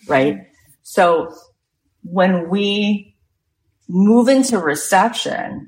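A woman telling a story in an animated way, acting out the voices of the people in it and building to excited emphasis. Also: mid-range voice, drawn-out words, pauses often. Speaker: speaker retelling a story.

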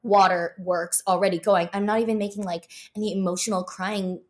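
An animated young actress tells a story in a casual interview. She talks in a loose, chatty way and uses lots of filler words. Her voice sits at an ordinary middle pitch for a woman. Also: fairly quick. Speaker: actress guest.

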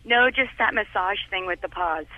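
A woman's voice: mid-range voice, normal speed, a little hiss or hum. Giddy woman calling in by phone. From Southern California. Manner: giddy, giggly. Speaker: caller. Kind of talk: call-in question. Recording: dull phone line.

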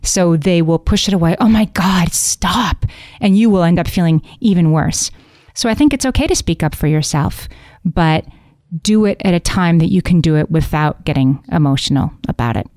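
A woman's voice: on the low side, brisk, warm tone, dry recording, clean studio sound. A middle-aged woman hosting a parenting podcast, giving candid, conversational advice and acting out what the kids say.

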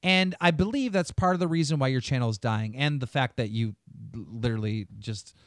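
A man's voice: medium pitch, fairly quick, no echo, studio quality. A man hosting a podcast, ranting in heated, profane, casual talk. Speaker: podcast host.

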